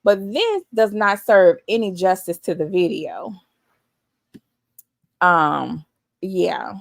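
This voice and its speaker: Woman streamer, casual reaction chat, gravelly, dry close sound. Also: on the low side, expressive, slow pace, dry recording. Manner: chatty, laughs often, thinks aloud. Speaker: live stream host.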